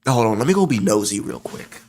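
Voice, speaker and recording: A young man rambles through a late-night solo stream, his low voice worn and tired. His pitch swings widely as he mocks himself and loses his train of thought. He sounds casual and easily sidetracked. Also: big pitch swings, fairly quick, a little mellow, slight background noise.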